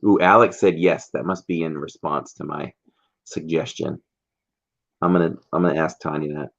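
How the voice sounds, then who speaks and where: Deep-voiced chatty man on a livestream. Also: fairly even intonation, moderate pace, slightly rough. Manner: chatty storyteller, teasing, laughs often. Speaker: livestream co-host. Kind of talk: casual chat. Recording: dull lo-fi stream audio.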